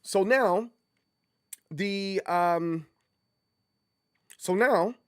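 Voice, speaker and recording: A male streamer talking casually on his livestream, rambling through stories with lots of restarts and sudden jumps into squeaky mock voices. His voice sits a bit high for a man. The sound is dry and close, with no room around it. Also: very slow, a bit bright, clean tone, dry recording. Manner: frequent restarts and laughter.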